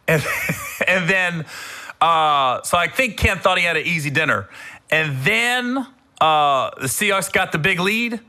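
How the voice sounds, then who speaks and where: A middle-aged man hosting a podcast, telling funny stories in a casual, animated way, acting out his own shouting. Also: high-pitched, unhurried. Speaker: podcast host. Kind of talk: casual storytelling monologue.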